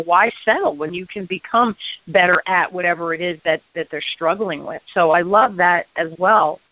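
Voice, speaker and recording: A woman's voice: on the low side, no room sound. A woman hosting a radio interview, an enthusiastic, upbeat storyteller who chats casually with her guest. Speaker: radio show host. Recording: tinny phone-like line, dry.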